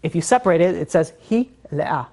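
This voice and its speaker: A man, a rabbi, giving a casual, animated class, joking and acting out what people say. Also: high-pitched, brisk.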